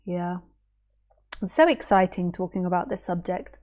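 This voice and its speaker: A woman teaching non-duality in a spontaneous spiritual talk, playful and animated, musing aloud with rhetorical questions and little acted-out voices. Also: lowish voice, moderate pace.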